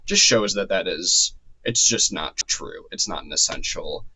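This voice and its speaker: A man's voice: sits low, measured pace, pushed and bright, slightly rough, low-quality recording. A man giving a casual spoken lecture, loose and chatty with many ums and restarts, his voice a little worn. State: slightly losing his voice. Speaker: course lecturer.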